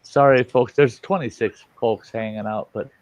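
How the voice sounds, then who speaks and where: Chatting casually on a late-night livestream, a man swears and tells a long joke, slipping into put-on voices. His mid-range voice is a little mellow at a normal speed, and the lo-fi, muffled audio has no room sound.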